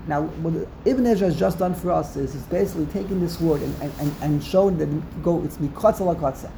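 Gravelly low-voiced woman teaching Torah. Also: dark tone, slight background noise. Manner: explanatory, repeats words, quotes verses with emphasis. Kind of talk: text study class.

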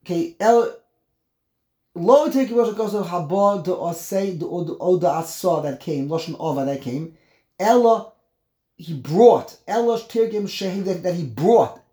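A man's voice: high voice, normal speed. Guy teaching a text class, gets fired up, repeats himself a lot, echoey room. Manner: animated, emphatic, repeats words while explaining. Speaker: Torah teacher.

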